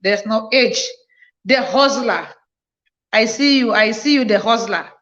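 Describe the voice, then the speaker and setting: Worn out from a night shift, a woman running a casual phone livestream repeats greetings and thanks to viewers as they join. She speaks at a measured pace in a slightly high, bright voice, and the sound is lo-fi.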